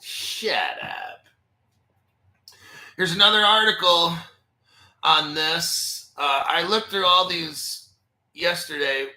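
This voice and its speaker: Slow, sharp-voiced profane crypto host. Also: male voice, a little high. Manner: profane, conspiratorial, talks to himself. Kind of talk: rambling screen-share commentary. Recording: echoey room.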